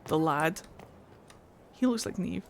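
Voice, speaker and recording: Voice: medium pitch, lively intonation, takes it slowly, creaky, a little hiss or hum. A streamer giving casual, playful commentary over a video game, full of jokey asides. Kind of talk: casual let's-play commentary.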